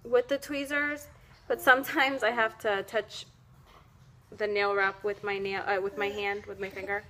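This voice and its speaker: A woman who sells nail wraps demonstrates them at home in a casual how-to tutorial, her medium-pitched voice bright and pushed, her delivery flat at a normal speed. She rambles chattily, packing in fillers and self-corrections and often laughing at herself.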